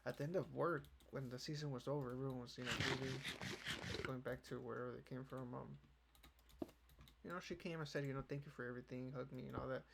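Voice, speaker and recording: This young man hosts a casual podcast in a steady, medium-pitched voice with vocal fry, talking fast. His chat rambles, includes swearing, and uses "you know" in nearly every line, over keyboard clicks and background noise.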